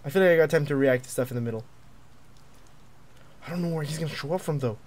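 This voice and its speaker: A young man commentating a horror game as he plays, jumpy and excitable, yelping and taunting the monster. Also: on the high side, quick pace, a little hiss or hum. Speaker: gaming video creator.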